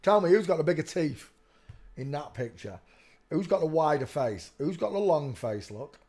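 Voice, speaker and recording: A man with a fairly high, darkish voice and lively intonation hosts a live stream at a moderate pace. He rambles casually and keeps saying "look" as he points viewers toward pictures.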